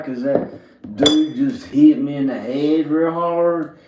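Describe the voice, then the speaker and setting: A man from Virginia drawls through a meandering, profane comic story, often breaking into laughter at his own lines. He talks slowly, in a middle register. His voice rings around an echoey room. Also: on the high side, a little hiss or hum. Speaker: comedic storyteller. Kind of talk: rambling comedic monologue. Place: indoor room with drum set and speakers.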